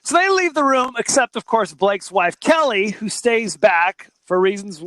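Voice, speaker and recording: High bright guy cohosting a movie podcast, dry mic, jokey animated recap. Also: a little slow, no echo. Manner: animated, jokey, recaps the plot with quoted asides. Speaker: podcast co-host. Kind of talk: casual movie-review chat.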